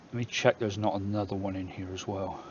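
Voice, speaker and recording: A man's voice: sits low, steady tone, fairly quick, dull audio, a little hiss or hum. A man with a Somerset English accent, hosting a casual live stream where he reads viewer comments aloud and jokes back at them. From England.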